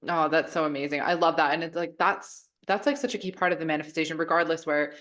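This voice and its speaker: A young woman hosting a podcast, with a notably low voice and quick delivery. She keeps the chat casual and answers her guest with enthusiastic, affirming interjections. She comes through a remote call microphone. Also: steady tone, a bit bright. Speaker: podcast host.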